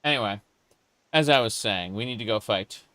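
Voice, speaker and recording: A man chats his way through a game stream, playful and joking as he reads chat aloud. His voice is low and clear, and he takes his time. The sound is dry and close. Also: normal speed, sharp tone, no room sound. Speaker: gaming streamer. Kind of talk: casual live gameplay commentary.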